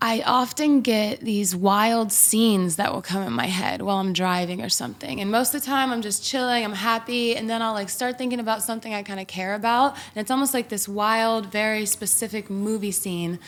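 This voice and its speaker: A woman's voice: mid-range voice, a little fast, hardly any pauses. A young woman from Mississippi, a podcast guest, talking openly and reflectively in casual chat with filler words. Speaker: podcast guest, singer-songwriter.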